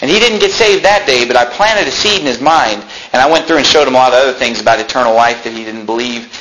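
A man's voice: mid-range voice, quick pace, a little hiss or hum, poor audio. A man preaching a sermon, reading Bible verses aloud and telling stories in which he acts out the people he talked to. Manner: animated storytelling, acts out voices in anecdotes; reads Bible verses in King James wording.

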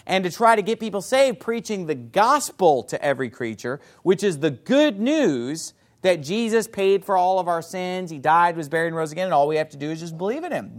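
A man playing a fiery pastor in full sermon, his pitch leaping and dropping as he hammers each point. He quotes old scripture and condemns false teaching with blunt, rising conviction. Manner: animated pitch swings for emphasis.

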